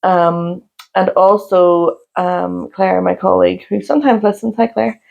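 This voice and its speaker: A woman, co-hosting a casual chat podcast and often breaking into loud, high laughter. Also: fairly even intonation, unhurried, creaky, lo-fi sound. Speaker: podcast co-host.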